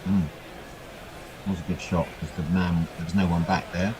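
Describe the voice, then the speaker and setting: A man with a fairly low voice calls a cricket match ball by ball in a chatty, easygoing way, and his voice jumps up whenever there's a boundary. A faint hum of noise sits under the recording. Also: normal speed. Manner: chatty, excitable over boundaries. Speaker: cricket commentator. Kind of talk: ball-by-ball radio commentary.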